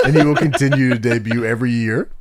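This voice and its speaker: A man's voice: mid-range voice, fairly even intonation, fast, over loud music. A man co-hosting a podcast in casual chat, joking and acting out quoted lines. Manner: joking, acts out quoted lines, laughs often. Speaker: podcast co-host. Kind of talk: casual chat reviewing old wrestling.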